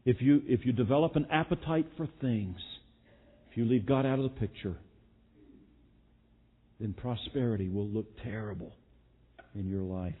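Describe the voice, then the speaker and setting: A man's voice: mid-range voice, moderate pace, pauses often. A man preaching a sermon as pastor, earnest and emphatic, repeating key phrases. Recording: echoey hall, phone-like sound.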